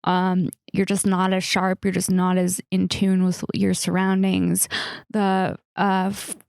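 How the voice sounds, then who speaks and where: Young Californian woman, podcast host, rambling storyteller, vocal fry. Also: on the low side, completely flat delivery, takes it slowly, a little mellow, no room sound, clean studio sound. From Los Angeles area, United States. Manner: chatty storytelling with many fillers and restarts. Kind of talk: casual solo Q&A podcast.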